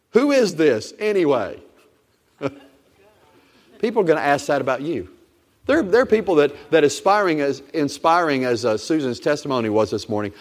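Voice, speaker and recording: Middle-aged pastor preaching in a hall. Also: male voice, mid-range voice. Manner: emphatic, repetitive, exhorting. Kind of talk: sermon. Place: church sanctuary. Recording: long reverb of a church hall.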